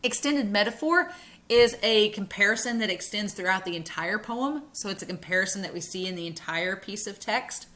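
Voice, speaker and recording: A woman teaching a recorded college English lecture, upbeat and explanatory, slowing down to read verse aloud. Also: mid-range voice, animated, pushed and bright.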